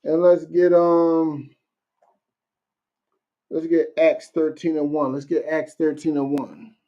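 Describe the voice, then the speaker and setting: A man leading a casual streamed Bible class, talking conversationally and reading verses out slowly. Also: fairly high pitch, little pitch movement, mellow, muffled recording. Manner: conversational, keeps asking "you know what I'm saying"; reads verses slowly and deliberately.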